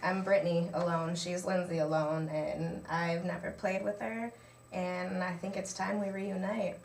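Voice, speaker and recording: Slow, giggly woman guest. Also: fairly low pitch, fairly even intonation, creaky. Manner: giggly, laid-back. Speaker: guest hockey player. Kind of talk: mock interview comedy. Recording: roomy, distant, faint hiss.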